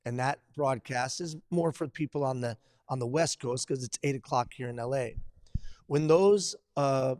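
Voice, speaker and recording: Male webcast host, mid pitch, dry mic, friendly announcer energy. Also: moderate pace, a little mellow, no echo. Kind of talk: live webcast hosting.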